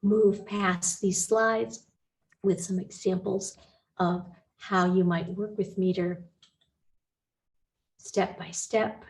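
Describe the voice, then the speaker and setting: A woman instructor talking through slides in a recorded lecture, thinking aloud with small restarts and gently reassuring her students. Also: medium pitch, fairly even intonation, takes it slowly, long pauses.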